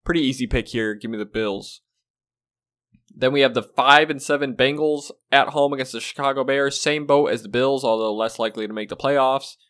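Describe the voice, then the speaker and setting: A man hosts his own football predictions video, speaking casually and bluntly, swearing and sounding exasperated. His medium-pitched voice is steady and a bit bright, at normal speed.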